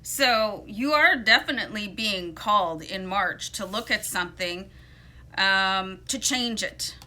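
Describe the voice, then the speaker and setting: A tarot reader with a medium-pitched, bright and forceful voice gives a casual, chatty reading at a slightly slow pace. She keeps it informal and playful, with frequent fillers and asides.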